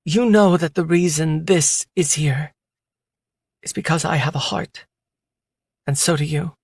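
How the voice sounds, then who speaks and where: A fragile young woman from an audiobook, hurt and short of strength, pleading her loyalty in a soft, lifted tone, as a man acts her out. Her delivery is earnest and tender, and it sits in a very close, dry recording. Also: on the high side, a little slow, breathy edge, no room sound, pitched above the performer's own voice. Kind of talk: audiobook character voice.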